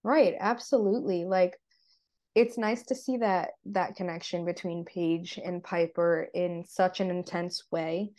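A woman co-hosting a casual TV recap podcast, her voice low and warm with a mellow tone. She walks through scenes in detail, peppering her talk with "like.". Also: steady tone, measured pace. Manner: retells scenes in detail, many "like" fillers. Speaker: podcast co-host.

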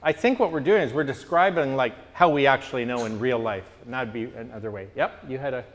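A man from Canada leading a group teaching discussion, telling stories with lively restarts. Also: medium pitch, fast talker, in a large hall, background noise. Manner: animated storyteller, frequent restarts.

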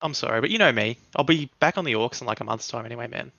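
Bright-voiced man, lo-fi sound. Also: mid-range voice, lively intonation, very fast, creaky, no room sound. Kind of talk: casual podcast chat. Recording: dull dry lo-fi sound.

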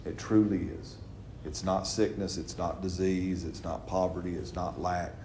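A middle-aged pastor leads a Bible study in a chatty, laughing way, often asking his listeners "right?" as the congregation answers back. His voice is low and darkish, his delivery flat at a moderate pace. The recording has a roomy echo and faint background noise.

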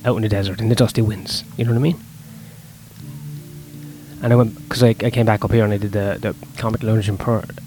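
A man's voice: fairly low pitch, level tone, fairly quick, long pauses, a little mellow. A young man, a stand-up comedian talking through his gigs in a casual, profane, self-deprecating ramble, with faint music behind him. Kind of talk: casual vlog monologue.

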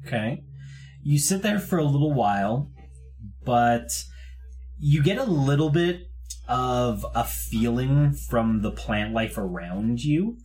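Man, game master, tabletop game, rambling, many fillers, mid-pitched voice. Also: animated, slow, darkish tone.

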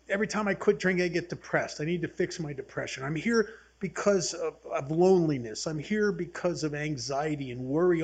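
Old guy in his 70s leading a recovery workshop, husky, kinda high voice, folksy stories. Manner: earnest, folksy storyteller. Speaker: AA workshop speaker. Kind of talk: recovery talk to a group.

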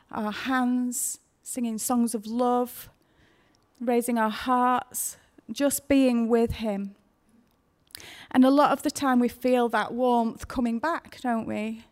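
A woman giving a gentle, emotional devotional talk, speaking tenderly about faith. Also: fairly high pitch. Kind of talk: devotional sermon.

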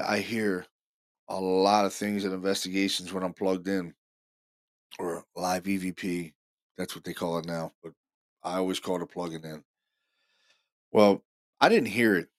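A man hosting a paranormal show, telling stories casually in an excited, rambling way full of fillers and restarts. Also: lowish voice. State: deaf in left ear. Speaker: paranormal podcast host. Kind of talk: casual storytelling monologue.

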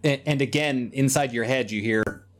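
A man narrating a tabletop game as game master, relaxed and wry. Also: medium pitch, moderate pace.

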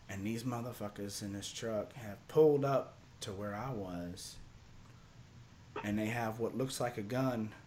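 Guy rambling through a crazy story, swears a lot, lots of um and you know. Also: a little hiss or hum. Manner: rambling and profane, with many fillers and restarts; drops low and quiet for tense parts, gets loud and high for excited quotes. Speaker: storyteller guest. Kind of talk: casual storytelling.

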